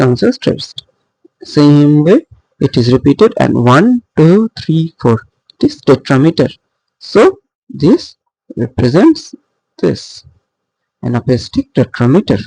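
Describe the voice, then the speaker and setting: A man teaching poetic meter in a recorded lecture, explaining slowly with pauses and fillers as he works through examples. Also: medium pitch, very animated, gravelly, warm tone, dry recording, rough recording. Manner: slow, halting explanation with frequent fillers and restarts. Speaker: literature teacher.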